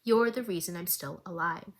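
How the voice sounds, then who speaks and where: A woman voicing an unhinged young woman, eerie, quiet and wistful. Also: on the low side, moderate pace, pitched below the performer's own voice, lightly acted.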